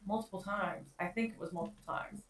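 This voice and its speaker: A woman's voice: medium pitch, brisk, a bit bright, distant mic, a little hiss or hum. A woman co-hosting a podcast, telling a casual story full of fillers and quoted dialogue. She sits back from the microphone. The room around her sounds roomy and echoey. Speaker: podcast co-host.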